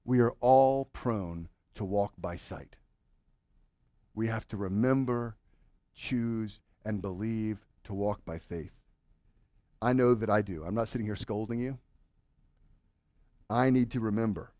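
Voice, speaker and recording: A married man preaching a sermon to his congregation, swinging from loud urging to hushed, earnest questions. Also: lowish voice, unhurried, pauses often, dry recording. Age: adult, married with children. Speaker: pastor.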